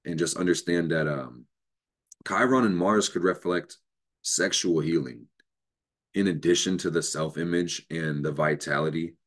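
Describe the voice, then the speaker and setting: A man's voice: low voice, a little slow, fairly bright tone. A man hosting an astrology show, giving an unscripted motivational talk, emphatic and profane, with bursts of laughter.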